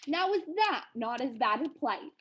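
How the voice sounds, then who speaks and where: Woman reading as young prince, bold, clever, bragging, storybook, high voice. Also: big pitch swings, a little slow, a bit bright, husky, exaggerated voice.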